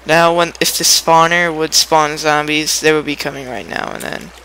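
Young gamer, bright gravelly voice. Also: male voice, fairly high pitch, fairly even intonation, moderate pace, slight background noise, poor audio. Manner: rambling, playful, humming sound effects while building. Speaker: gameplay tutorial maker. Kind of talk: casual gameplay tutorial commentary.

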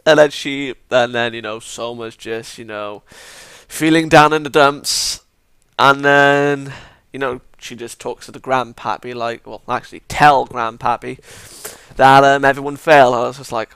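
A man's voice: medium pitch, unhurried, creaky, a bit bright, clean tone, dry recording. A man chatting casually through an anime review, rambling and acting out characters' lines as he retells scenes.

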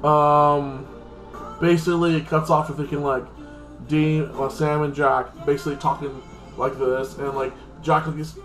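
A man's voice: fairly high pitch, flat delivery, measured pace, fairly bright tone, echoey room, faint music behind, rough recording. A man hosting his own channel, recapping a TV episode in a casual, rambling way, full of fillers. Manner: rambling, heavy with fillers like "like" and "freaking". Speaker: channel host reviewing a TV episode.

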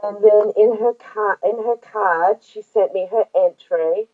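A woman's voice: lowish voice, slow pace, dry recording. Chatty Australian woman on tinny audio. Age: 40s. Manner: rambling, chatty, gushing, with many ums and restarts. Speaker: craft vlogger. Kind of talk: casual show-and-tell chat. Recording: dry tinny phone-like audio.

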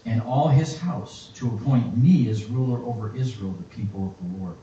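A man preaching a sermon and reading scripture aloud in a slow, reflective way. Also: medium pitch, warm tone. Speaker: pastor. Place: church. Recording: echoey, distant, muffled church recording.

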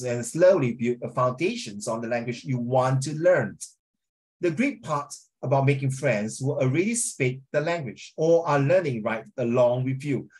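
A man teaching a language class in colloquial English, keeping it lively and checking with tag questions that his students follow. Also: mid-range voice. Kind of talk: informal classroom lecture.

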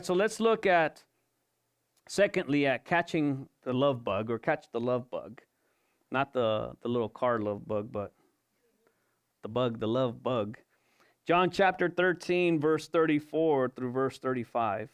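A man's voice: mid-range voice, lively intonation, takes it slowly, long pauses, clean tone. A male pastor giving an evening sermon, asking rhetorical questions and repeating his points for emphasis. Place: church service.

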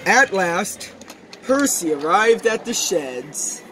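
A narrator reading a children's story slowly and deliberately, letting the pitch rise and fall widely. Soft music plays faintly behind the voice. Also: big pitch swings.

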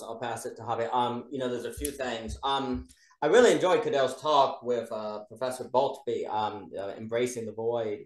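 Host thinking aloud in a roomy call. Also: mid-range voice. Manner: thinks aloud, hedges often, builds ideas in rapid repetitive loops. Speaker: discussion host. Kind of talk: casual philosophical discussion online. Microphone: video call. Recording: roomy video call audio.

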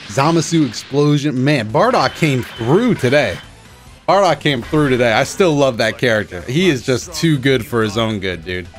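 A man giving excited, self-mocking commentary over his own fighting-game matches, groaning at losses and cheering at wins. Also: medium pitch, normal speed. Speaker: gaming channel host. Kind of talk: live gameplay commentary. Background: game music and sound effects.

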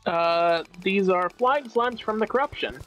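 A man chatting casually while playing a video game, reacting excitably with frequent swearing. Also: sits high, measured pace, lo-fi sound, faint music behind. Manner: excitable, swears often in exclamations. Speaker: gamer. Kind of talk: casual gaming chat.

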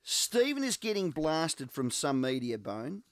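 A man with an Australian accent, co-hosting a sports radio show in lively, teasing banter. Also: a little high, measured pace, very noisy. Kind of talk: casual radio sports chat.

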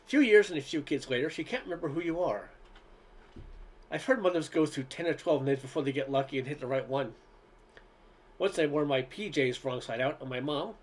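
A man reading a humorous essay aloud in a wry, unhurried storytelling manner. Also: medium pitch. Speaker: reader.

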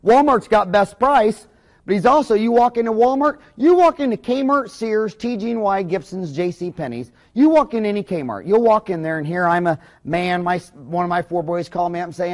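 A man with a high voice for a male speaker delivers a recorded business lecture as a dentist. He talks in a rambling, blunt, folksy way, jumping from one anecdote to the next. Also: normal speed.

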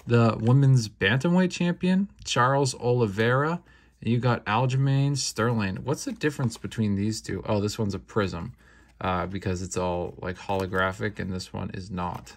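Laid-back young man opening card packs. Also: lowish voice. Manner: laid-back, slangy, excitable reactions. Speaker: card-opening channel host. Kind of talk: casual unboxing commentary.

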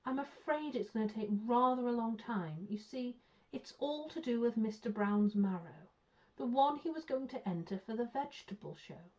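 A woman's voice: fairly high pitch, lively intonation, moderate pace, a little mellow, pitched above the performer's own voice, lightly acted. A woman voicing a small, polite young male bear who explains things earnestly and patiently. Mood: apologetic. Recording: muffled lo-fi sound.

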